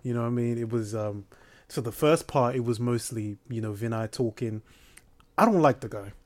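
A man's voice: medium pitch, moderate pace, a little mellow. A man, co-hosting a casual football chat, blunt and opinionated with some swearing. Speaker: podcast co-host.

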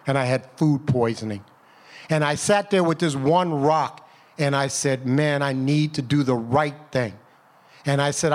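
A man giving a storytelling speech about his recovery, shifting his pace for effect and acting out the voices he quotes. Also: a little high.

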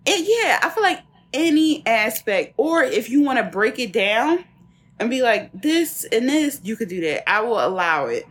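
A woman co-hosts a podcast with a slightly high, very expressive voice. She quizzes the others playfully. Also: normal speed. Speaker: podcast co-host. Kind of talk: casual chat.

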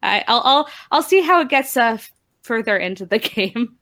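A woman's voice: a little high, animated, normal speed, fairly bright tone. A woman co-hosting a gaming podcast, chatting casually, often laughing and restarting her sentences. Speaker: podcast co-host. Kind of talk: casual chat.

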